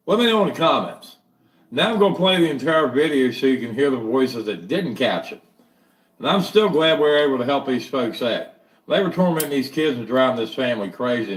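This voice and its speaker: A man's voice: mid-range voice, slightly rough, recorded from a distance. A man hosting a paranormal chat show, talking casually and rambling with many restarts. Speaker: podcast host.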